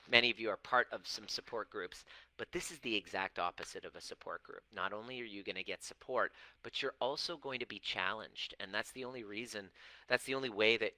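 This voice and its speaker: A man in his forties speaks straight to the camera in an emphatic monologue. He draws out key words slowly and circles back on his phrases. His voice is bright and crisp, and slightly low, in a dry-sounding space. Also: steady tone, dry recording, low-quality recording. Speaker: self-help coach and former chiropractor. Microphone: camera mic.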